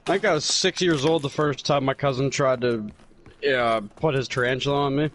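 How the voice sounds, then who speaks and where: A young man chatting over a video game, telling rambling, profane childhood anecdotes with lively quoted voices. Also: mid-range voice, brisk, a little hiss or hum. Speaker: gamer telling stories. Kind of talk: casual chat over gameplay.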